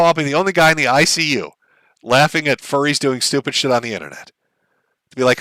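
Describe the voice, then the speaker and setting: Brief: middle-aged male streamer, wry and jokey, bright, fairly high voice, dry close mic. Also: quick pace, no room sound. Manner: wry, laughs at his own jokes. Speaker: livestream host. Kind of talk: casual stream chat reading viewer messages aloud.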